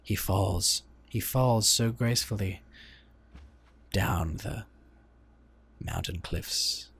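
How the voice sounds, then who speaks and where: A man putting on a slow, reverent nature documentary narrator voice while playing a game. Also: on the low side, fairly bright tone, breathy edge, pitched below the performer's own voice, full character voice. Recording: game music playing behind.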